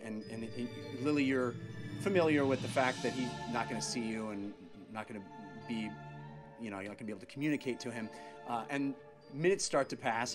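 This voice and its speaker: A man running a tabletop game as game master, giving vivid, descriptive narration full of small restarts. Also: medium pitch.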